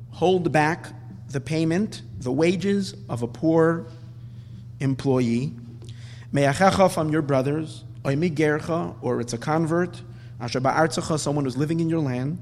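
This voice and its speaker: Brief: man teaching a storytelling lesson, animated and self-correcting, slight hum, long reverb behind him. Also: on the high side. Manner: animated storyteller with frequent restarts. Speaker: teacher giving a religious class.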